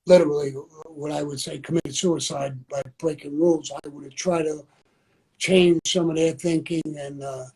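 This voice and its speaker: A man's voice: on the high side, warm tone, breathy edge, poor audio. An older man, talking bluntly and candidly as an interview guest, repeating himself for emphasis. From New York. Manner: blunt, repetitive, conversational.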